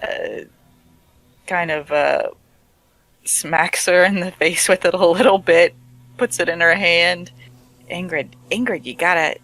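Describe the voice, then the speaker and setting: A player describes their character's actions in a tabletop game with many hesitant fillers. The voice is bright and slow. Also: mid-range voice, steady tone, no room sound, rough recording.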